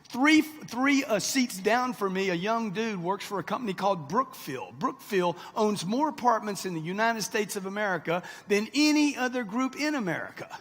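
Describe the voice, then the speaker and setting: Husky, high-pitched man in his sixties, brash motivational speaker working a live crowd, long reverb of a big hall. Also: fairly bright tone. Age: 60s. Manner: brash, punchy, talks straight to the crowd. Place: large hall with live audience.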